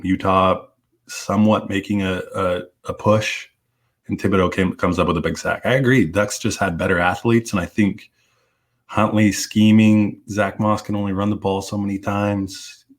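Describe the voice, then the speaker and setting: A man co-hosting a casual sports podcast, laid-back and quick to laugh. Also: low-pitched. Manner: laid-back, laughs often, talks in restarts. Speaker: podcast co-host. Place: studio, live stream.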